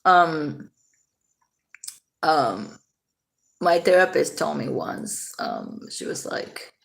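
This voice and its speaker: Lowish gravelly-voiced woman vlogging, rambly, laughs a lot. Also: wildly swooping pitch, very slow. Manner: chatty, laughs often, rambles with restarts. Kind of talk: casual commentary to camera.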